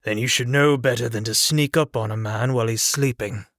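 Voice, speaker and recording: A man voicing a gruff, cranky old uncle. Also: medium pitch, brisk, a bit bright, dry recording, clean studio sound, close to an everyday voice. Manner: grumbling, blunt and scornful. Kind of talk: audiobook character voice.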